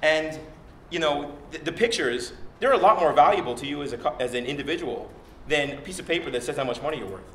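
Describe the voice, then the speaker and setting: A man on a discussion panel, arguing his point quickly with many restarts. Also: a little high, expressive, a bit bright. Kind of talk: conversational panel talk. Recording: echoey room, faint noise.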